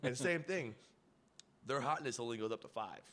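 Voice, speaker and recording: A man's voice: medium pitch, lively intonation, moderate pace, fairly bright tone. A man co-hosting a podcast, telling loose, profane stories in casual chat and laughing often. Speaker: podcast co-host.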